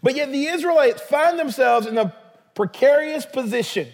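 A man's voice: extremely high pitch, expressive, moderate pace, big-room sound. A man pastor delivering a sermon in a conversational, emphatic manner.

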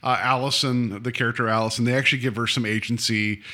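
A man co-hosting a casual film talk show, enthusiastic and prone to halting restarts. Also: mid-range voice, steady tone, sharp tone. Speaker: podcast co-host. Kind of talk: casual film review chat.

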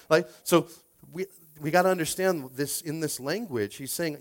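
Man preaching a lively conversational sermon. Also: quick pace. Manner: conversational, repeats words, coaxes the congregation; acts out quoted voices with shifts in pitch and loudness. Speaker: pastor.

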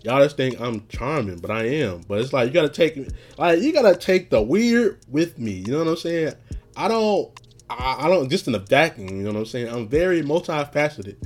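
A man hosting a podcast, telling stories in a casual, rambling monologue, often laughing and getting loud and animated when retelling something that angered him. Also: mid-range voice, moderate pace, soft background music. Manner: rambling, laughs often, frequent "you know what I'm saying".

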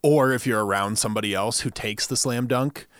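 A man who works with kids, chatting casually in a relaxed, joking way. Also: medium pitch, brisk, dry recording, clean studio sound. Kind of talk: casual chat.

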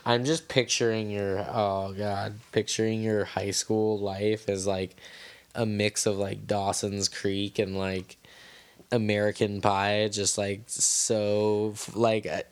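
A man's voice: fairly low pitch, little pitch movement, slow, clean tone. A man co-hosting a casual podcast chat, rambling loosely and laughing easily. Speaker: podcast co-host.

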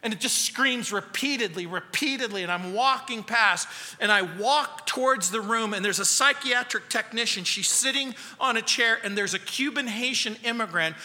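A male pastor delivers an expository sermon at a moderate pace, telling a story earnestly in a bright, tense, fairly high voice and dropping almost to a whisper for emphasis. The long reverb of a church sanctuary makes his words ring out.

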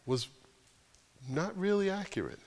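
A male pastor preaching an earnest, emphatic sermon with deliberate pauses. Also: high voice, sing-song, in a large hall.

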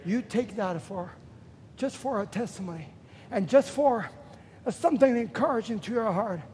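A man preaching a sermon, emphatic and repeating phrases for stress, with sudden loud bursts. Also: sits high, expressive, moderate pace.

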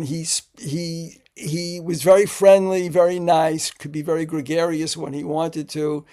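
A man, a screenwriter guest in an interview, spins his anecdotes in a halting, filler-laden way. His voice sits a little high and has a gravelly fry, and he bursts into acted-out quotes along the way. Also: a little mellow.

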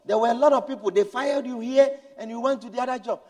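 A male preacher with a very high voice talks fast through an impassioned sermon, swinging from loud, urgent pleading to low, hushed storytelling. A long reverb rings around him, like a large hall.

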